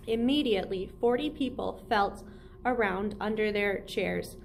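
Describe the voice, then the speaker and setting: A woman librarian reading a middle-grade novel aloud in a clear, steady storytelling voice. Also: mid-range voice, a little slow, slight background noise. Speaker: children's librarian.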